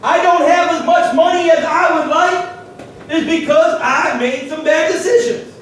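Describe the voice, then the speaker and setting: A man preaching a sermon, shouting his points with many "uh" fillers and then dropping to quiet asides. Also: very high voice, a little slow. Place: church hall. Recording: echoey hall picked up from far off, faint hiss.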